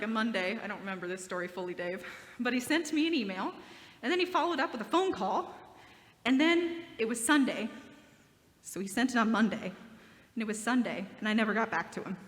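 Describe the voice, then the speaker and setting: A lively woman with a somewhat high voice leads a children's sermon, quizzing the kids and reading scripture aloud. Her voice carries a long hall reverb from the church space. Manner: animated, asking children questions. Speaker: children's time leader. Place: church sanctuary. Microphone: handheld microphone. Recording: echoey hall.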